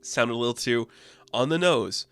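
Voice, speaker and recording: A man recapping a comic book in an easy, excited chat, peppering his sentences with "like". His voice sits at a middling pitch. The recording is dry and close, with no room sound. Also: moderate pace, smooth, no echo. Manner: enthusiastic, heavy use of "like". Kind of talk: casual chat.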